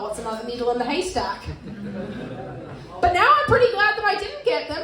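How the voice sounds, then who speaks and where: A woman's voice: high-pitched, fairly bright tone. A woman in her thirties with a New Zealand accent, doing a stand-up set with dry, self-deprecating jokes and crowd work. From Canada. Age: 30s. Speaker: stand-up comedian. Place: comedy venue with live audience. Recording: roomy live club sound.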